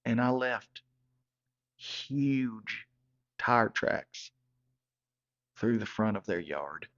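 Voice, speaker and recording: A man's voice: on the low side, animated, very slow, fairly bright tone. Folksy man telling a comic story. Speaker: comedic storyteller. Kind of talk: comedic character monologue. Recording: slightly dull lo-fi sound.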